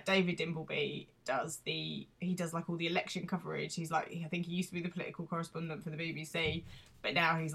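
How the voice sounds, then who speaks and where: A woman co-hosts a podcast and chats in an amused, easygoing way. She often stops to explain local references. Her voice sits slightly low for a woman. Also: a bit bright. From Britain. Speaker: podcast co-host. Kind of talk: casual podcast recap chat.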